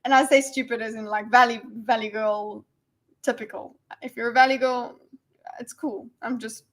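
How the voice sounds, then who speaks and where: A woman's voice: a little high, steady tone, normal speed, rough recording. A woman with a South African accent, commenting on a debate during a live stream in a rambling, playful way with giggly asides.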